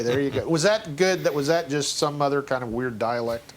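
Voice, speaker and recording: A man's voice: mid-range voice, a little hiss or hum. Man, Southern-raised podcast host, chatty and stumbling over his words. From American South. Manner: halting, self-deprecating, frequent restarts. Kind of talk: casual podcast chat.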